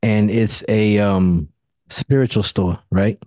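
A man hosting a podcast in casual chat, a lively storyteller who acts out what others said in a higher voice, with a relaxed, drawling way of talking. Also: slow, no room sound. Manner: animated storyteller acting out quotes in a higher voice; relaxed, drawling, says don't and nothing. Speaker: podcast host.

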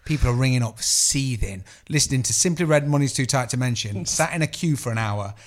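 A man's voice: mid-range voice, brisk. An English man co-hosting a podcast, telling sweary, jokey stories in casual chat and acting out the voices of the people in them. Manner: sweary, jokey storyteller who acts out voices. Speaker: podcast co-host.

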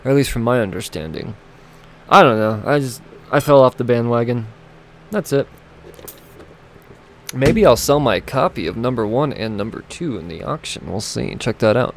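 A man's voice: mid-range voice, animated, moderate pace, gravelly, slight background noise. A man chatting casually and rambling through a list of upcoming comics, swearing now and then and laughing at himself. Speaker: comic book vlogger.

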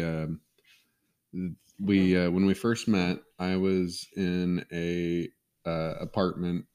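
A middle-aged man with a deep, low voice talks casually on a podcast. He tells stories in an easygoing way and laughs along as he goes. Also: darkish tone. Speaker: podcast co-host. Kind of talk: casual chat.

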